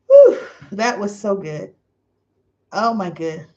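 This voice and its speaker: A woman hosting a live soap opera comment show. She chats casually, reads viewer comments aloud, and talks in an effusive, emotional way with drawn-out exclamations. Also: medium pitch, huge pitch swings, dark tone, muffled recording.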